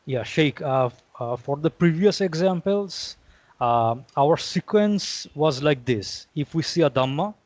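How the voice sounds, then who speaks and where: A man's voice: a little high, lively intonation, measured pace, darkish tone, no room sound. A male student in an online class, politely and hesitantly asking a question.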